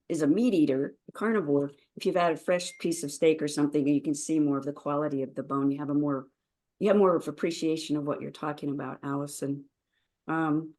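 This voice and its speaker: Low-pitched lady host, husky morning voice, asks guest to go deeper. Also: a little mellow. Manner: reflective, prompting questions. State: morning voice, clearing throat. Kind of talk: casual interview chat.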